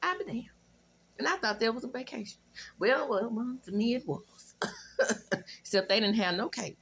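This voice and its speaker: A woman with a Southern accent hosting a casual reality TV recap, sassy and animated with profane asides. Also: a little high, normal speed, vocal fry, slight background noise.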